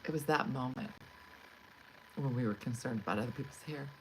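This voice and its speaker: Middle-aged woman comedian, low voice, animated exasperated storytelling, light background hiss. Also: brisk, poor audio. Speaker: comedian host. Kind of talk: storytelling monologue.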